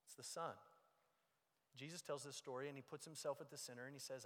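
Pastor guy giving a sermon, kinda high voice, gets loud then drops real low, big echoey church hall. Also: brisk. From United States. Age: young adult or middle-aged. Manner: dramatic, swings from loud emphasis to hushed low lines. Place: church sanctuary. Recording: long reverb of a large hall.

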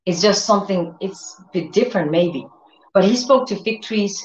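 A woman giving an informal sermon, telling lively stories and acting out what people say in other voices. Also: mid-range voice, normal speed. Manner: animated storyteller who acts out quotes in other voices. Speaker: preacher. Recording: roomy, dull lo-fi sound.

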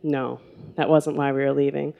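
A woman casually telling a funny personal story, animated, laughing and acting out quotes. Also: a bass voice, moderate pace, creaky, highs cut off.

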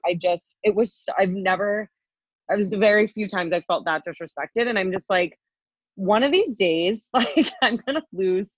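A woman's voice: medium pitch, no room sound. A young woman co-hosting a podcast, venting in a heated, profane ramble packed with "like" fillers. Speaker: podcast co-host. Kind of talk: casual chat, venting story. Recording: dull lo-fi dry podcast audio.

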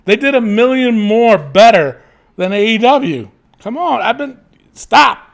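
A man with a notably high voice and a gravelly edge co-hosts a casual podcast chat. He reads listener comments aloud, swears freely and laughs often, talking in an animated, heated way. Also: a little slow.

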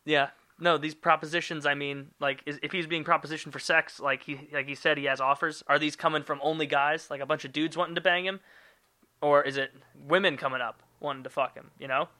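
A man's voice: fairly high pitch, fairly even intonation, fairly quick, bright, forceful tone. A man hosting a casual podcast, reading out listener questions and wandering into loose, profane asides. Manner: loose and profane, rambling asides, hums filler syllables. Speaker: podcast host.

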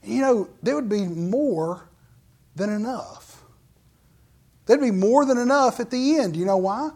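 A man preaching a sermon as pastor, telling stories in quick bursts that trail off quietly at the ends of phrases. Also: high-pitched, animated.

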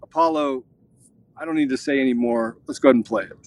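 A man's voice: mid-range voice, fast. A man on a live stream, speaking outdoors at a state capitol. He is fired up and emphatic, and his sentences run on with restarts. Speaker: on-location guest reporting in. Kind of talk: casual live-stream chat.

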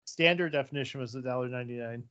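A podcast co-host making halting, deadpan remarks. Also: medium pitch, highs cut off. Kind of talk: casual podcast chat.

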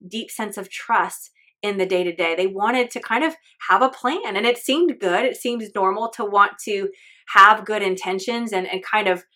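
A woman's voice: medium pitch, bright, forceful tone. A woman hosting a faith podcast, talking in an earnest, candid and chatty way with lots of fillers. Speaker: podcast host.

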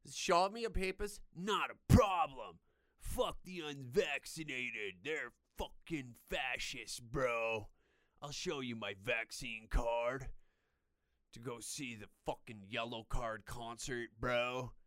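A man voicing a loud, self-righteous young male activist in a whiny, preachy way. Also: mid-range voice, takes it slowly, no room sound. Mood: smug.

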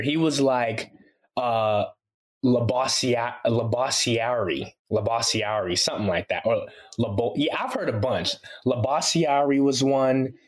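A man chatting as a guest in an interview, easy and unhurried. His talk is loose and slangy, sprinkled with "you know" as he thinks aloud. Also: medium pitch. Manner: relaxed, loose slangy talk with many fillers. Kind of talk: casual interview chat.

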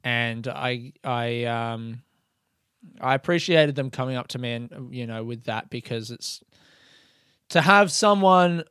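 A man's voice: mid-range voice, slow, fairly bright tone, clear, resonant tone, dry recording. Candid man on a close, dry mic. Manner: candid, reflective, a little self-mocking. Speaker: comedian and podcast host. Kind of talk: casual solo podcast monologue.

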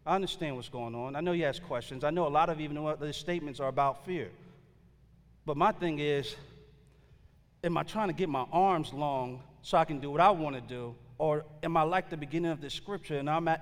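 A man's voice: on the high side, big-room sound. A man preaching a sermon, telling a story in a loose, conversational way with slang and frequent fillers. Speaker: pastor.

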